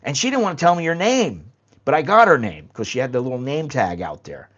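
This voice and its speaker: A man of middle pitch chats loosely on a livestream, drifting from point to point and cursing without a second thought. The audio is a little dull and lo-fi, like stream sound. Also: very animated, fairly quick, fairly bright tone. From United States. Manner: rambling, blunt storytelling with casual swearing. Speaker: livestream host. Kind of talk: casual livestream chat.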